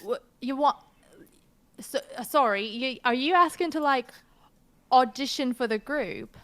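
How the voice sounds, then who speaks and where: A woman's voice: high voice, measured pace, a bit bright, pitched above the performer's own voice. A woman voicing a brash, sassy female mermaid islander who curses, brags, and lets her accent wander between British, Australian and American. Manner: brash, cursing, full of herself.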